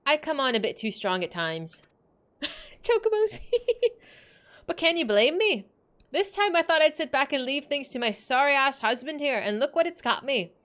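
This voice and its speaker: A woman voicing a fierce, scolding middle-aged mother with a put-on Scottish accent, sharp and bossy in tone. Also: high voice.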